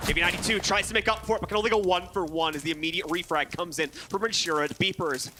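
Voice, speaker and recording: A man calling play-by-play as an esports caster, with rapid, animated delivery. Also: high voice, soft background music. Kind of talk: play-by-play commentary.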